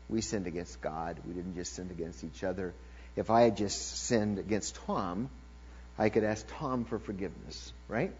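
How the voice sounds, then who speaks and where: Male preacher, sermon, fervent shouting, lo-fi with hum. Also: medium pitch, breathy edge. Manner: builds from quiet scripture reading to loud shouted exclamations. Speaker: pastor. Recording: lo-fi recording with mains hum.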